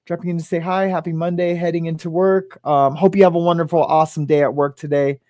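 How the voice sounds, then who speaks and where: A man's voice: on the high side, steady tone, fast, a little mellow, no room sound. A man hosting a casual livestream, rambling and hesitant, with many ums as he greets viewers by name. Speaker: livestream host.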